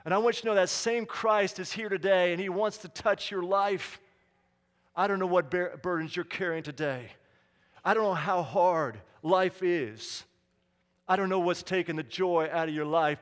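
A man preaching a sermon as pastor, dramatic, dropping to a hush and then rising to loud calls. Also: on the high side, moderate pace. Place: church sanctuary. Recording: long hall reverb.

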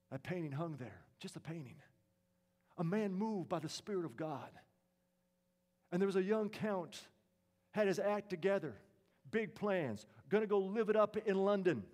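Man preaching a hushed, dramatic sermon story. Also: high voice. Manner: dramatic storytelling, dropping to a hush at emotional peaks.

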